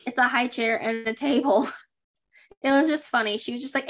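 A woman's voice: on the high side, moderate pace, slight background noise. A young woman co-hosting a podcast, recapping a reality show in a chatty, sarcastic way. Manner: chatty, sarcastic, animated impressions. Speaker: podcast co-host. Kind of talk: casual recap chat.

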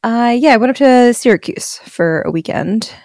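A woman in her thirties co-hosting a podcast, talking casually and hesitantly with many pauses. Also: fairly high pitch, no room sound, studio quality. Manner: relaxed, hesitant, forgetful with many ums. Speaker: podcast co-host. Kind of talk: casual chat.

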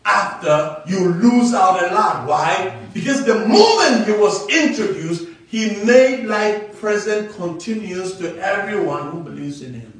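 A man preaching a sermon as pastor, leading the congregation in call-and-response with drawn-out emphasis. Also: high voice, lively intonation. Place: church. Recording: echoey hall, distant from mic.

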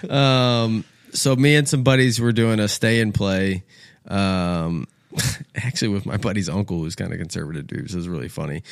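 A young podcast guest tells an animated story in casual chat, swearing freely and acting out the voices of the people he quotes. His lowish voice has vocal fry and moves at normal speed, recorded at studio quality with no room sound.

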